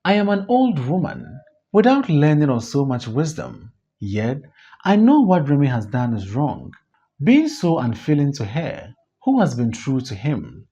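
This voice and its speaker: A reader voicing an older village mother, plain-spoken and earnest, in a slow audiobook play reading. The voice is husky and the recording dull. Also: medium pitch, sing-song, dark tone, heavily acted. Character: older village woman, a worried, stern mother.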